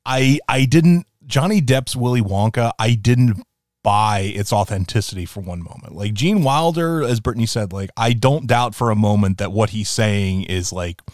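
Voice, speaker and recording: A man's voice: lowish voice, animated, normal speed, darkish tone, dry recording, studio quality. A man co-hosting a podcast, talking in a loose, jokey way with frequent restarts. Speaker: podcast co-host. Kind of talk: casual chat.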